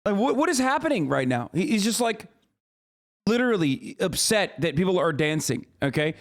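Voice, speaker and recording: A man live-streaming, reacting to a clip in a fast, incredulous, ranting way. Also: fairly high pitch, big pitch swings. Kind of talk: casual reaction commentary.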